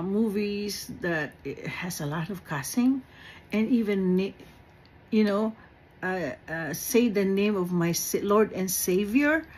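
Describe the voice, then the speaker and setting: A woman with a Filipino accent giving an informal spiritual talk, earnest and animated, dropping in Tagalog phrases and laughing between them. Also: mid-range voice, slight background noise, poor audio. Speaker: faith speaker.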